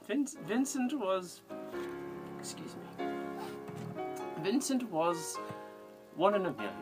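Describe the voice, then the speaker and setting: Fan cosplayer playing an eccentric English undertaker, whimsical, chuckling, lively swooping pitch, theatrical. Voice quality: theatrical, sing-song delivery with big pitch swings. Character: eccentric giggling retired male undertaker, English. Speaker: fan cosplay answering viewer questions. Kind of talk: in-character fan parody video.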